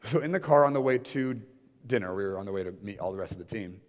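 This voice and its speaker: A man's voice: on the low side, expressive, quick pace, long reverb tail. A young adult man leading an informal teaching session before a room of listeners, talking conversationally with many fillers and acted-out quotes.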